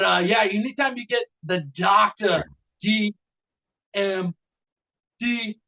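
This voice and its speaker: Man, relaxed rambling review, mid pitch, dull lo-fi sound. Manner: laid-back, rambling. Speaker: podcast co-host. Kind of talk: casual match review. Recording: dull lo-fi audio.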